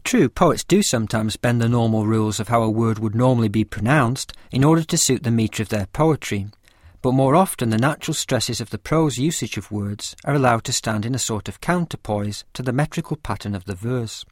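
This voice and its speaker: A man reading a scripted lesson with a measured, careful explanatory delivery. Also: medium pitch, dry recording, studio quality. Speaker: teacher of poetry. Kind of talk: scripted lecture narration.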